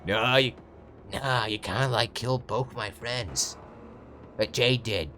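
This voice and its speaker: Young man, loud profane let's play commentator, noisy recording. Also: medium pitch, slow pace. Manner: loud, joking, swears and laughs often. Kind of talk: casual game commentary.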